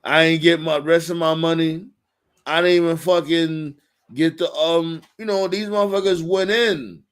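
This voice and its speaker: A man with a notably high voice tells a story in loose casual chat. He swears freely and jumps up in pitch whenever he acts out what people said. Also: moderate pace, smooth. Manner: animated, profane, acts out quotes in higher voice. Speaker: podcast host.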